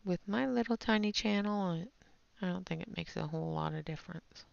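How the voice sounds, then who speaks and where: Demonstrating colouring live, the female host talks chattily with her chat as she works. She speaks at a moderate pace in a fairly low, gravelly voice, and the stream audio is dull and lo-fi.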